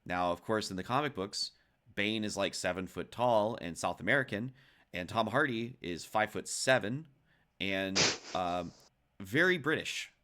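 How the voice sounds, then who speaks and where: A man with a lowish, bright, forceful voice talks films on a podcast. He rambles, restarts phrases and teases his co-hosts in easy, casual chat. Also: lively intonation, unhurried. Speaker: podcast co-host. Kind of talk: casual film discussion.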